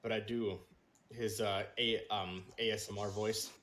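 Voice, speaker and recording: A man's voice: lowish voice, little pitch movement, a little slow, a bit bright, echoey room, slight background noise. A man co-hosting a gaming podcast, chatting casually in a rambling, hesitant way with lots of ums and restarts. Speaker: podcast co-host and streamer. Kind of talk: casual chat.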